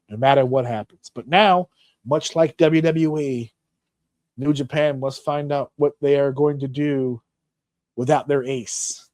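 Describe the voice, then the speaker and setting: A man co-hosting a podcast, telling a story in casual chat with lots of swearing and animated excitement. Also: medium pitch, no echo. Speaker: podcast co-host.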